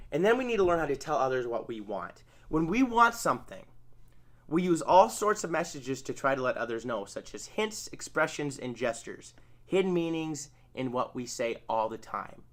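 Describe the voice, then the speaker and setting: Guy explaining therapy skills off the cuff, bit higher voice, acts out example lines. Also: fairly bright tone. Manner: conversational, acts out sample phrases, self-correcting. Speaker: channel host teaching therapy skills. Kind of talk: informal spoken lesson.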